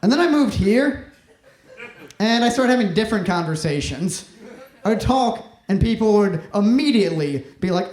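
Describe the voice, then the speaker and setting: Young male stand-up comic from Mississippi, fairly high voice, wry deadpan, roomy club sound with faint noise. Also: normal speed. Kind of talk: stand-up comedy set. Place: comedy club stage.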